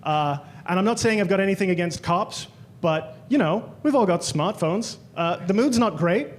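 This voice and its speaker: A man's voice: high voice, moderate pace, slight background noise. An Australian man doing a stand-up comedy set in a club, telling stories and quoting people in exaggerated voices. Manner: animated storytelling, quoting others in exaggerated voices.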